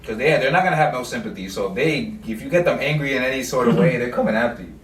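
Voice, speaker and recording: A man's voice: mid-range voice, fast talker. A young man co-hosting a casual podcast chat with friends, slangy and hesitant with lots of ums. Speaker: podcast co-host. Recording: echoey room, mic at a distance, faint noise.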